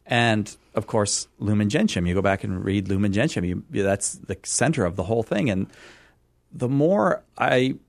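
A man's voice: lowish voice, expressive, moderate pace, vocal fry, no echo, studio quality. A middle-aged man from California, a radio guest who talks in a rambling, self-deprecating way and laughs easily. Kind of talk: casual interview chat.

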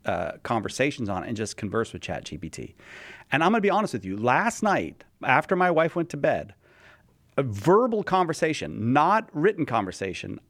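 A man's voice: medium pitch, fairly bright tone. A man hosting a podcast, telling a story in casual chat with many restarts and stumbles. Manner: mimics a cheerful chatbot voice in quotes. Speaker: podcast host.

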